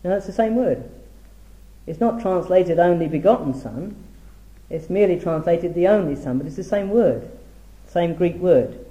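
A middle-aged man giving a Bible teaching talk, measured and reading scripture aloud with emphasis. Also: sits high, lively intonation, mellow, reverberant, highs cut off. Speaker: preacher.

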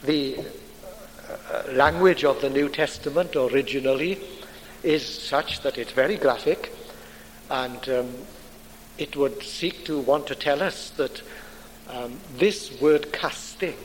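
A man preaching a sermon in a deliberate, emphatic way with dramatic pauses. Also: medium pitch. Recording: long hall reverb, faint background noise.

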